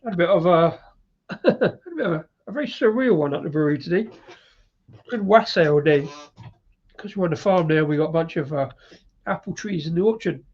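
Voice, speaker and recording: A man's voice: a little high, brisk, long pauses, darkish tone, lo-fi sound. A British man hosting a live beer review, chatty and rambling with frequent laughs. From Britain.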